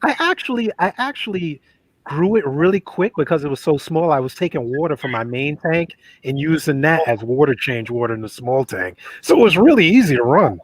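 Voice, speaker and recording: A man's voice: a little high, very animated, a little fast, dry recording. A man co-hosting a casual aquarium chat, joking and laughing often. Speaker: aquarium podcast co-host.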